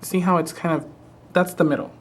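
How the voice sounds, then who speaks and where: A man teaching a craft project on a live stream, talking in a relaxed, hesitant way and often repeating words. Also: sits high, brisk. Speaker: craft instructor. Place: studio.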